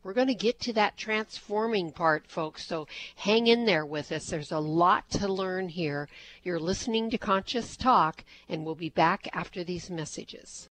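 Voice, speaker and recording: A woman's voice: on the low side, unhurried, a bit bright, slight background noise, poor audio. A woman hosting a talk radio show, wrapping up the segment before a commercial break. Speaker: radio host.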